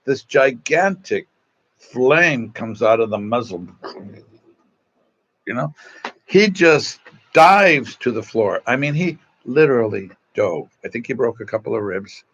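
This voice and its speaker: This man, a Salesian religious brother from East Los Angeles, chats with online viewers through a phone propped at an angle, mocking himself in his stories and reading their comments. His mid-range, husky voice is expressive, fairly bright and a little slow. The recording has no room sound and comes across dull.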